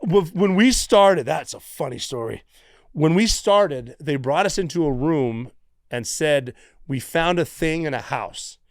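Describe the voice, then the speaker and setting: Man, middle-aged, from the US, casual profane storyteller, clear smooth tone, dry close sound. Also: fairly high pitch, animated, measured pace, no room sound. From United States. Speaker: guest, former Navy SEAL.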